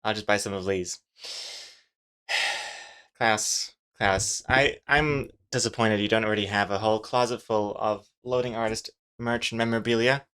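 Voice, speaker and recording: A man's voice: on the low side, steady tone, moderate pace, a bit bright, clean tone. A man chatting loosely on a live stream as he works on his comic, rambling and joking with many fillers. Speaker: webcomic artist streaming his drawing. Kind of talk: casual live-stream chat.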